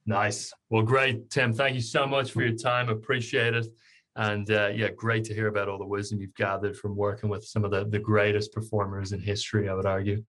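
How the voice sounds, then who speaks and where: A male podcast host wraps up with short, friendly thanks. His voice is low and bright, held in a flat, even line. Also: brisk. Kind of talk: casual sign-off.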